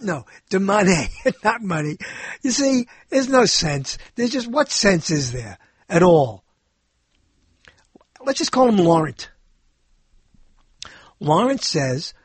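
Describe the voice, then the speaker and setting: A man's voice: very high-pitched, fairly bright tone, breathy edge, dry recording. A male show host talking in a casual, rambling monologue, joking and often stumbling and correcting himself.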